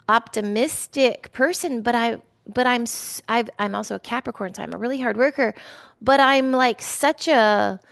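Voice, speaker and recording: Middle-aged woman, card reader, gravelly fry, dry close sound, chatty and heartfelt. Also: fairly high pitch, dry recording. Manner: chatty and emotional, many fillers and self-corrections. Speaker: card reader hosting a weekly reading. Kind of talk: casual spiritual talk.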